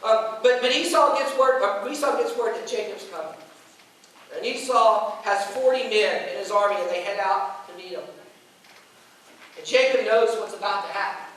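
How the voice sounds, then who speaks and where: A man's voice: sits high, moderate pace, a bit bright. A male pastor telling a story in a sermon, acting out the quoted lines and restarting his words often. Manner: retelling a story with quoted voices and frequent restarts. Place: church sanctuary. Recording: very echoey church room, mic far off.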